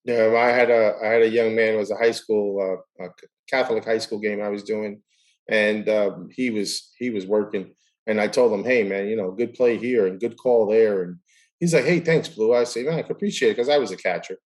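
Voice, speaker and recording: Animated man telling a story. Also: fairly low pitch, fairly quick, low-quality recording. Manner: animated storyteller who acts out dialogue. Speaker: host. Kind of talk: casual interview storytelling.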